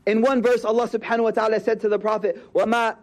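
Here the preacher speaks rapid-fire in a high-sitting voice with flat delivery. He keeps the sermon casual and full of street slang, repeating key phrases to drive them home.

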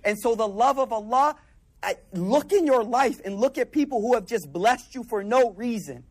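A high-pitched man delivers a sermon as a casual story. He talks in an animated, street-casual way and often sinks into hushed, soft-spoken asides. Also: moderate pace. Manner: animated, conversational, drops into quiet soft asides. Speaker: preacher.

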